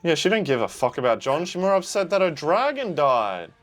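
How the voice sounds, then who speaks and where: A young man, reacting casually to a TV episode. He swears freely and yells at the screen. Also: a little high, sing-song, fairly quick, faint music behind. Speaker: reaction video host.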